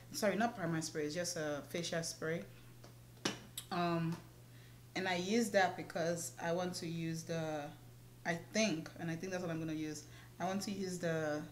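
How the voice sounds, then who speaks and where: Doing her makeup in a casual get-ready-with-me chat, a young beauty vlogger laughs a lot as she talks in a voice on the low side. There's an echo in the room and slight background noise.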